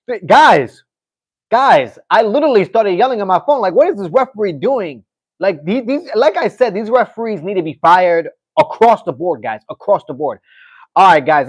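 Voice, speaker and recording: A man's voice: fairly high pitch, dry recording. A man hosting a casual livestream, rambling through fight picks and reading chat comments aloud, often repeating himself. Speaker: livestream host.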